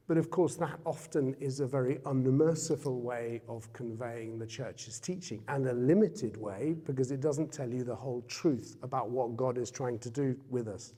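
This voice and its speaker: A man speaks conversationally to an audience as a guest speaker, now and then turning questions back on his listeners. His voice is mellow and relaxed. It is heard through a hall with a long, echoing reverb. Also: mid-range voice, normal speed, few pauses, husky. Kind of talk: public talk to an audience. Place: Jesuit centre hall.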